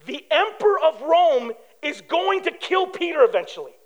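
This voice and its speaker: A man from preaching a sermon as pastor, animated and telling stories with acted-out quotes. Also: extremely high pitch, normal speed, rough recording.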